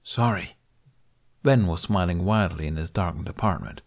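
A man reading his fan fiction aloud as narrator in an even storytelling manner. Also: low-pitched, a little fast, vocal fry. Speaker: reader.

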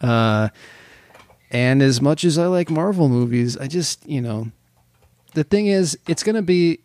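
A man's voice: a little high, lively intonation, a little slow, darkish tone, dry recording. A man chatting casually as a podcast co-host, swearing freely and joking with exasperation.

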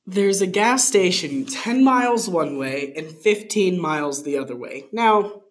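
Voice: mid-range voice, expressive, measured pace. A speaker reading a story aloud with teasing, sarcastic asides in a comedic way.

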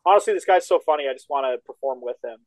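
A man co-hosting a casual comedy podcast, excitable and teasing, swearing often. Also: mid-range voice, racing, rough recording. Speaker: co-host, comedian. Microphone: remote call. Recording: dry remote call audio.

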